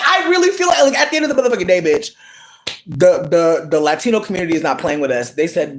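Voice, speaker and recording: A live streamer ranting to viewers in a loose, theatrical way, peppering every line with swearing and pet names like sweetie. The pitch leaps into squeals and then drops back, with words stretched out for effect. A faint hiss of noise sits under the voice. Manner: dramatic, expressive, swears often, calls viewers sweetie; big swings in pitch, sudden squeals and drawn-out words. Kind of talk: casual live-stream rant.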